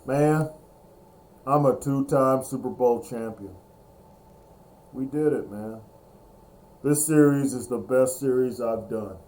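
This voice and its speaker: A man's voice: medium pitch, mellow. A young man hosting a sports video game channel, talking emotionally after his team wins, repeating himself and cheering. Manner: emotional, repetitive, breaks into drawn-out cheers. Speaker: gaming channel host. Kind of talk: excited gameplay commentary.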